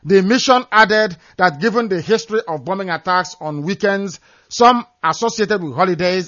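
Guy ranting on the radio, emphatic, kinda high voice, dry dull recording. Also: a bit bright, no room sound. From Nigeria. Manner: fiery, scornful, emphatic, repeats phrases for stress. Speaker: radio broadcaster. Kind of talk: impassioned political commentary.

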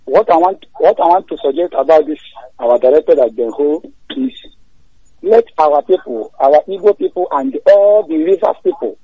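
A man's voice: high-pitched, vocal fry, mellow, slightly rough, no echo. A man with a Nigerian accent, from Imo State, calling in to a radio show, speaking urgently and repeating himself. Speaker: caller. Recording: muffled phone line.

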